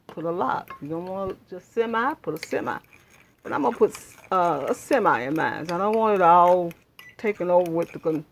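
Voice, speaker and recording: Talking directly to her viewers, a woman runs a casual cooking demo on her own channel, cooking in her home kitchen and praising the food again and again. Her voice sits at a medium pitch, with a little hiss or hum on the recording.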